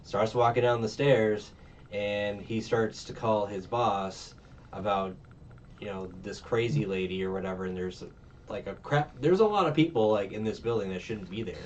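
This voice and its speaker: A man's voice: fairly low pitch, moderate pace. A man casually recapping a movie plot, rambling with lots of ums and uhs and acting out the characters' lines. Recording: distant, muffled mic with faint noise.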